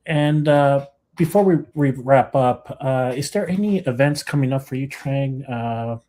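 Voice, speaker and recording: A man hosting a podcast interview over a video call, speaking haltingly with many fillers and restarts. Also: mid-range voice, mellow. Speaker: podcast host.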